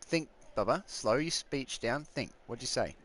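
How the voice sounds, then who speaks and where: A man's voice: mid-range voice, lively intonation, measured pace, a bit bright. A man, chatting casually and rambling while live-streaming a game at home. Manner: rambling, chatty, talks aside to family.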